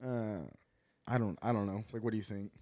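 A man's voice: fairly low pitch, fairly even intonation, fairly quick, mellow. A young man co-hosting a casual podcast, joking and laughing often and trailing off into fillers. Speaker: podcast co-host.

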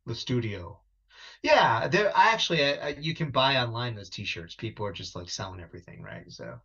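Excitable swearing man co-hosting a podcast. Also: medium pitch, moderate pace, lo-fi sound. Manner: excitable, swears freely, laughs often. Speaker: podcast co-host. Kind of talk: casual chat.

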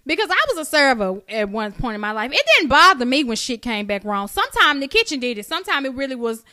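A young woman co-hosting a podcast, her voice bright and a touch high. She talks in a loose, slangy, joking way, acting out the lines she quotes. The sound is dry and close to the mic. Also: big pitch swings, fast talker, no echo. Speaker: podcast co-host. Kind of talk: casual chat.

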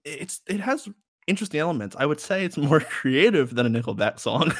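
A man's voice: a little high, big pitch swings, brisk, a bit bright, dry recording, studio quality. Chatty young man co-hosting a podcast. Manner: chatty, laughs often, rambling asides. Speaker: podcast co-host. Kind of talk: casual chat.

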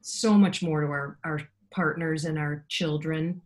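A middle-aged woman, a podcast guest, telling personal stories in a casual, animated way and acting out the voices she quotes. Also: sits low, measured pace, a little hiss or hum. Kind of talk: casual storytelling.

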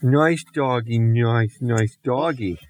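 Dopey sweet girl sidekick, man voicing her, cooing, a bit higher. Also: slow pace, a little mellow, natural voice.

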